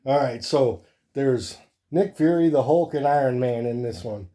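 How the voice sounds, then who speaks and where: A man hosting a comic book show, chatting casually in a relaxed, rambling way with many fillers. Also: medium pitch, unhurried. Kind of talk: casual show-and-tell chat.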